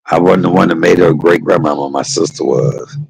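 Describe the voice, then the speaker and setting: A man's voice: deep voice, a little fast, creaky, darkish tone, breathy edge, no room sound, rough recording. A middle-aged man hosting a livestream, telling casual stories in a chatty vernacular that drifts from one memory to the next. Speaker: livestream host. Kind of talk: casual storytelling monologue.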